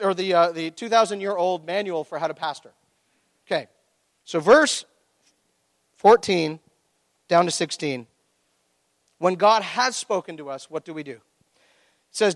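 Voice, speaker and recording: High-voiced man preaching in a hall. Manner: animated storytelling, acting out his own reactions. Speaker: pastor. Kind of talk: sermon. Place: church.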